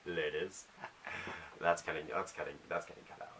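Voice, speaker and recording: A teenage boy rambles through a casual vlog, his voice bright and forward on a lowish pitch. He drifts between self-deprecating asides and jokes. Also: steady tone, normal speed. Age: teens. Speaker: vlogger.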